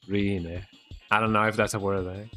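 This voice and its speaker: With faint music in the background, a man speaks at a fairly low pitch and moderate pace while streaming a video game. It's easygoing, rambling live-stream banter, with "eh?" tagged onto many lines.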